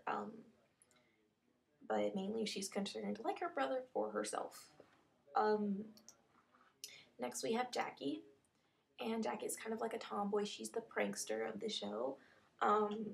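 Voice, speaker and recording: A young woman talking casually through an audition call, pausing often on ums as she moves from one character to the next. Her voice has a gravelly, creaky texture at mid pitch. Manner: chatty, many ums, describes characters one after another. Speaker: fan series creator describing characters.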